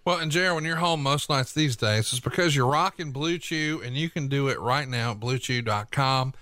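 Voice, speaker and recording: A male podcast host, doing jokey, brisk ad reads in a casual way. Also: mid-range voice, sharp tone, dry recording.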